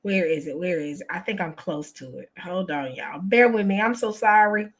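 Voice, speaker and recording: A woman's voice: on the low side, moderate pace. A woman, hosting a casual chat for her viewers, exasperated and chatty, calling them y'all. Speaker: channel host.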